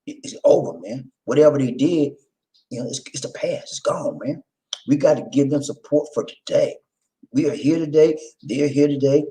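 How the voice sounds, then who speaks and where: A man hosting his own video channel, talking casually straight to his viewers, shouting out names and preaching about community. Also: medium pitch, animated, normal speed, poor audio. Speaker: vlog host. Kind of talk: casual direct-to-camera chat.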